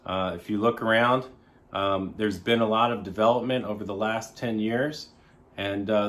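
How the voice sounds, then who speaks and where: Middle-aged male presenter, slightly low pitch, informal and rambling, keeps correcting himself. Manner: rambling, pauses often to restate himself. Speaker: local resident presenting a trail plan.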